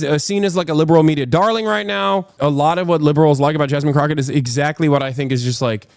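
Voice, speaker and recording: A male streamer tearing into political news with profane, heated outbursts. His voice sits somewhat high, and it is recorded close and dry with no room around it. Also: darkish tone, dry recording. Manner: heated, profane, rapid bursts. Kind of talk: reaction stream commentary.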